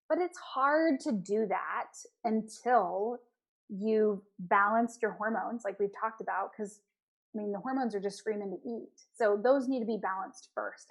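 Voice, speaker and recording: A woman dietitian, a guest in a casual interview, who talks with quick bursts of enthusiasm. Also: mid-range voice.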